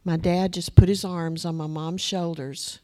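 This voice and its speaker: A woman sharing a personal testimony in church, soft and reflective, pausing with hesitant fillers. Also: fairly low pitch, level tone.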